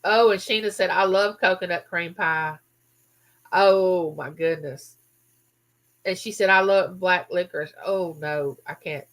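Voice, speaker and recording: A livestream host with a fairly low voice keeps a slightly slow pace as she chats casually with viewers, reads their comments aloud, and speaks straight to them in a chatty, animated manner.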